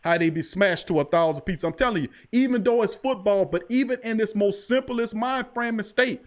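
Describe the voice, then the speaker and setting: A man with a high-pitched voice hosts a sports talk show, and he delivers it like a sermon. He is emphatic and repetitive, and he keeps hammering his point home. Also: a little fast. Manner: preachy, emphatic, repeats "I'm telling you". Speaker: podcast host.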